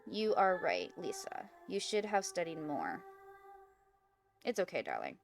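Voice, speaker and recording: A woman's voice: fairly low pitch, wildly swooping pitch, measured pace, vocal fry, long pauses, faint music behind. Giggly young woman reading a horror game. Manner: casual, giggly, stumbles over words. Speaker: gaming video host. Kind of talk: reading aloud an interactive horror story game.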